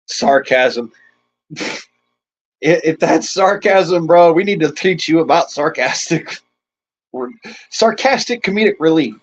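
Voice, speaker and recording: A man's voice: fairly high pitch, lively intonation, takes it slowly, long pauses, lo-fi sound, a little hiss or hum. A man hosting a livestream, ranting casually to his chat in a crude, rambling way and chuckling often. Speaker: livestream host.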